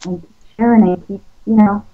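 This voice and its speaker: A woman hosting a casual interview, effusive and quick to laugh. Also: medium pitch, fairly even intonation, phone-quality sound, music in the background. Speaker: interview host. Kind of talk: casual chat.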